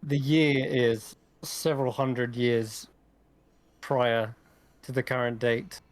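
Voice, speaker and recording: A man's voice: medium pitch, fairly even intonation, slow pace, no echo. A man running a tabletop role-playing game as game master, describing scenes in detail and laughing easily.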